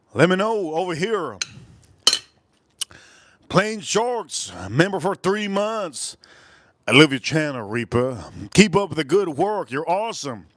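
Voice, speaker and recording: A man's voice: fairly high pitch, a bit bright. Rambling, crude man eating on a livestream. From Miami, Florida. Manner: rambling, crude, joking, talks with food in mouth. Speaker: livestream food reviewer. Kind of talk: casual live-stream chat while eating.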